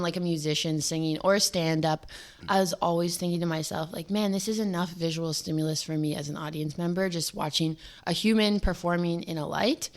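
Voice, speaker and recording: A young woman, a filmmaker and lead actor, talking casually in an interview, animated and full of "like". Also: lowish voice. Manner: animated, chatty, peppered with "like".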